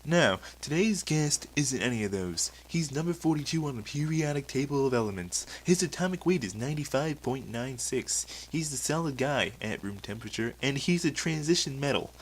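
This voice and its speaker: A man's voice: mid-range voice, lively intonation, a little fast, few pauses, a little hiss or hum, low-quality recording. A man hosting a comedic mock talk show, asking questions in a flustered, patient way. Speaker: talk show host in a sketch.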